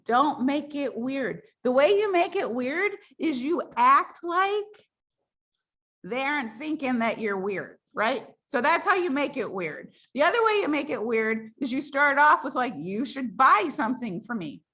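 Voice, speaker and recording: A woman coaching her sales team on a call, chatty and animated. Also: high voice, a little slow. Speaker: direct sales team leader.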